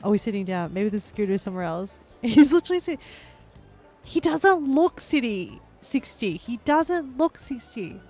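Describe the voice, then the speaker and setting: A woman's voice: mid-range voice, brisk, dark tone, faint music behind. A young woman streamer giving giggly, chatty let's-play commentary and reading her chat aloud.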